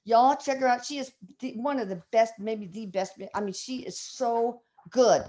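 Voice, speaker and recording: A woman's voice: a little high, moderate pace, dark tone. A woman hosting a casual video chat as an energy healer, effusive and affectionate with her guest. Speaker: channel host, energy healer.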